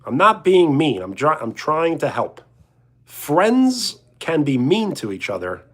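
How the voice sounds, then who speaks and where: Husky-voiced joking male streamer. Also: on the high side, very animated, unhurried. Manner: joking, chuckling, reading viewer questions aloud. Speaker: livestreamer answering chat. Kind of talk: casual live chat.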